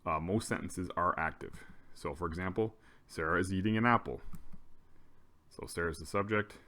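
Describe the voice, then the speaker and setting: A male teacher explaining a grammar lesson in a relaxed way, often restarting his sentences. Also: low voice, normal speed.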